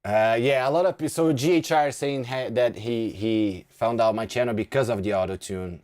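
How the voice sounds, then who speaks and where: Mellow-voiced man streaming live. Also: medium pitch, moderate pace. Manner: chatty and self-deprecating, laughing between thoughts. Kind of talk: casual live-stream chat.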